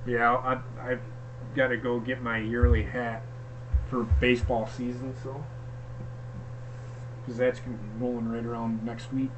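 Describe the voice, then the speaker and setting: A man co-hosting a casual podcast, talking in a profane, excitable, rambling way. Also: mid-range voice, measured pace, pauses often, background noise. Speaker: podcast co-host. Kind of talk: casual chat.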